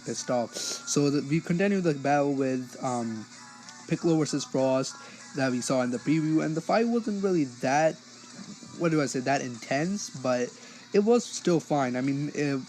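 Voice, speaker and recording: A man talks through an episode review in a loose, rambling way, full of fillers and restarts. His voice sits at an ordinary middle pitch. Soft music plays faintly underneath. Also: low-quality recording. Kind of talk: casual spoken review.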